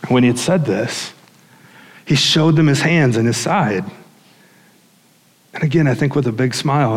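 Man preaching in a reverberant hall. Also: mid-range voice. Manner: conversational, animated storytelling with acted-out quotes. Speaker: pastor. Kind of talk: sermon.

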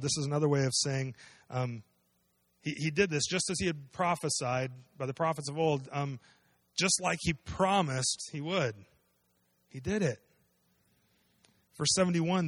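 A man's voice: on the high side, moderate pace, fairly bright tone, no room sound, clean studio sound. A man preaching a sermon, explaining a scripture passage in a conversational way and asking his listeners questions. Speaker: pastor.

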